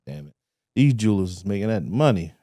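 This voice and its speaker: A man's voice: lowish voice, quick pace, no echo. A young man co-hosting a podcast, talking casually and animatedly. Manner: animated, laughing, swearing freely. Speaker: podcast co-host. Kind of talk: casual chat.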